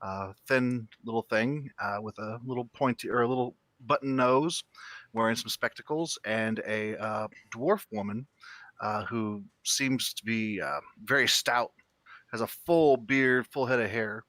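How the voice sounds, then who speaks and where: Bright-voiced man running a tabletop game. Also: medium pitch, unhurried, no room sound. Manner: hesitant, many fillers. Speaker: dungeon master.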